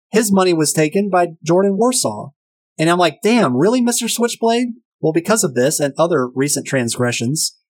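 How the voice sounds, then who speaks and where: A man casually retelling and reviewing a crime film, enthusiastic and profane. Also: fairly high pitch.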